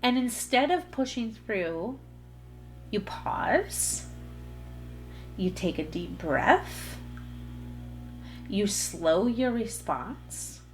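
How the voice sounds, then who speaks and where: On her solo motivational podcast, a woman addresses listeners directly with earnest, coach-like encouragement. Her medium-pitched voice has lively intonation, but she talks very slowly with long pauses, over soft music.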